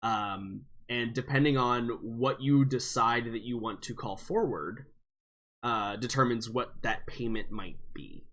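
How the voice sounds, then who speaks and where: A man running a tabletop role-playing game, narrating in a halting, casual way with frequent fillers. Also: medium pitch, fairly bright tone, slight background noise. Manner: halting, many fillers and restarts. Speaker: game master.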